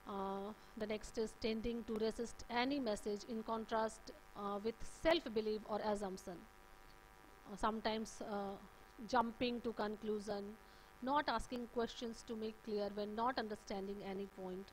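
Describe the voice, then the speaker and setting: In a classroom lecture on communication skills, a female teacher with an Indian English accent explains her points, filling them with "uh"s and checking in with "okay." Her voice is medium in pitch and steady at a moderate pace, captured in a low-quality recording with slight background noise.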